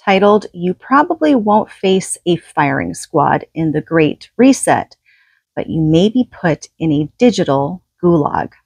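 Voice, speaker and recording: A woman reading a nonfiction book aloud, steady and measured, with an occasional casual aside. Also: on the low side, gravelly, slightly rough, no room sound. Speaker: audiobook reader.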